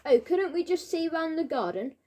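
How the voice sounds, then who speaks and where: A clever, cheeky boy sleuth speaks with put-on innocent politeness and quiet persistence, as a woman reads him in a children's audiobook. The voice stays high and bright. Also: sing-song, moderate pace. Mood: polite.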